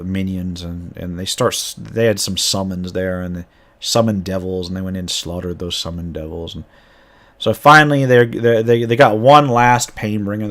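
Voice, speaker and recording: A man's voice: deep voice, a bit bright. A man game master casually retelling a tabletop campaign, rambling with frequent restarts.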